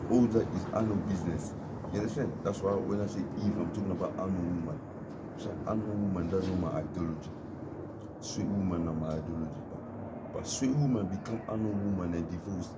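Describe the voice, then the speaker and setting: A man from Africa with a very deep voice speaks into a phone outdoors in the cold, with plain street ambience behind him. He delivers a rambling, emphatic monologue and repeats himself to drive his point home. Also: background noise. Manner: preachy, emphatic, repetitive. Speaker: vlogger.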